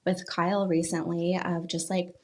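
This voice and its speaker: A young woman co-hosting a parenting podcast, chatting excitedly about family news with lots of "like" fillers. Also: lowish voice, moderate pace. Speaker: podcast co-host. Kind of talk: casual chat.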